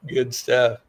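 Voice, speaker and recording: Man, host, slow unhurried delivery, easygoing, brief agreeing remarks. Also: medium pitch, vocal fry. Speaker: show host. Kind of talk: casual interview chat.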